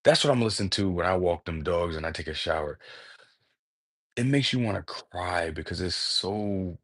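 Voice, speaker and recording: Male streamer, lower register, casual and excitable, swears freely, rambles and trails off. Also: moderate pace. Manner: excitable, profane, slangy, peppers speech with "bro"; jumps between thoughts, trails off mid-word. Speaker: livestream host. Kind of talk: casual rambling livestream talk.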